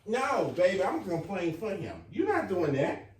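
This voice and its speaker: A man's voice: sits high, wildly swooping pitch, moderate pace, darkish tone. Indignant man, roomy and distant. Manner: indignant, emphatic. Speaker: hotel guest complaining. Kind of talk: casual chat. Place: hotel room. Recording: roomy sound from far off.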